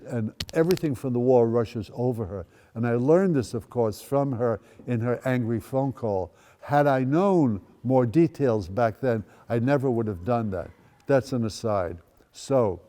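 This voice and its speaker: Man in his 80s, guest speaker, storytelling talk, wry dry humor, soft mellow tone, long hall reverb. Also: mid-range voice. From Netherlands. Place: school event space.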